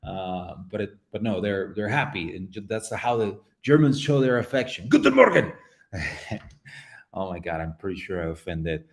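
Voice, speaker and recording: A man's voice: low voice, normal speed. A man hosting a casual live stream while he paints, chatting with viewers in a playful, rambling, jokey way and talking straight to the chat. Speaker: livestream host painting community art.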